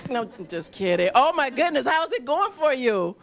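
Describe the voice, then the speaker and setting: A woman's voice: sits high, big pitch swings, moderate pace, gravelly. A woman hosting a live stream from a restaurant, interviewing diners in a gushing, effusive way and laughing often. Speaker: roving host interviewing diners.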